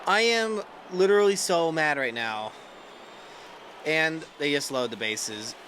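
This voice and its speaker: A young man commentating his own baseball video game, excitable, yelling when upset and dropping to a low muttering tone when calm. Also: unhurried. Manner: excitable, yells in frustration then drops to a low muttering tone. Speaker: gaming YouTuber.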